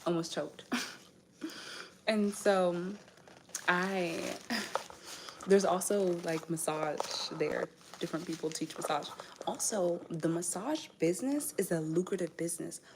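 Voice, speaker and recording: A woman's voice: on the low side, unhurried, background noise. A woman raised in the United States chats casually on a live stream. She answers viewer comments one by one and laughs often. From United States (raised in Indianapolis).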